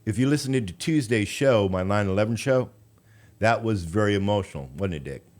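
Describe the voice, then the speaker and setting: Chatty radio host, deep-voiced. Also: male voice, lively intonation, a little fast, a little mellow. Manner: chatty, coaching, trips over his words. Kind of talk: casual radio interview chat.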